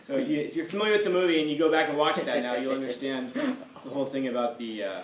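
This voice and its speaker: A man's voice: medium pitch, fast. A man teaching a class in a casual, conversational way, repeating key points for emphasis, recorded in an echoey classroom from some distance. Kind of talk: classroom lecture. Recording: echoey room, far from mic, faint noise.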